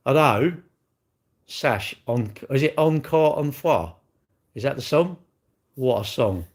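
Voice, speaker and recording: A man hosting a casual livestream, talking to his viewers with blunt, cheeky banter and crude swearing. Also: mid-range voice. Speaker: livestream host reading viewer chat. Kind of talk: casual live-stream chat.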